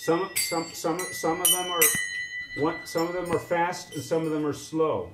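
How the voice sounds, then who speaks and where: A man teaching a live instrument lesson, halting with frequent restarts and singing syllables to demonstrate sounds. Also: fairly high pitch, steady tone, over loud music. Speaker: music teacher. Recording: echoey room with background noise.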